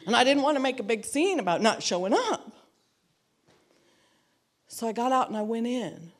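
An earnest church member with a fairly high voice gives her personal testimony before a church at a moderate pace. Very animated, she speaks reflectively, repeats phrases to drive them home, and acts out the dialogue in her story.

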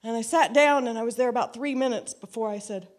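A woman's voice: fairly high pitch, fast talker. Earnest woman sharing a church testimony. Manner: earnest and reflective, repeating phrases for emphasis; acts out quoted dialogue in her story. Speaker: church member giving a testimony. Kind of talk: personal testimony.

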